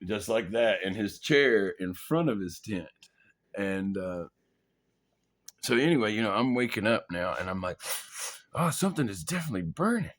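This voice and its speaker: A man's voice: on the low side, a little slow. A young man casually telling a wild story from his army days, laughing, swearing and acting out his own panicked thoughts. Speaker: vlogger.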